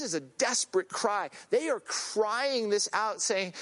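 Animated man telling a sermon story. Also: sits high, measured pace, hardly any pauses. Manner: animated storyteller, acts out voices in quotes. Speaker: guest pastor. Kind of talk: sermon with personal stories.

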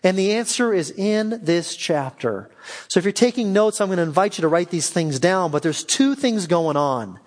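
A high-pitched male preacher delivers a sermon, reading scripture passages in a measured way. He then turns to his listeners with pointed, rising questions. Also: lively intonation, big-room sound. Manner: reads verses slowly then asks questions with rising emphasis. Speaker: guest pastor.

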